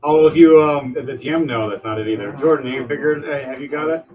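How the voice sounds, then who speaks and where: A man running a tabletop game as game master, telling crude jokes in a joking, animated way. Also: mid-range voice, fairly quick, faint music behind. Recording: dull lo-fi sound, distant from mic.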